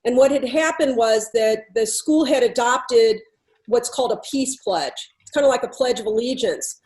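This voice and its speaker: A woman with a high, light voice talks through a lesson from her consulting work. She tells it as a story, acting out both sides of the dialogue and posing question after question. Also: moderate pace, darkish tone, poor audio. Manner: conversational, re-enacts dialogue, Socratic questioning. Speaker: workplace culture consultant. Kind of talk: storytelling talk to a business audience.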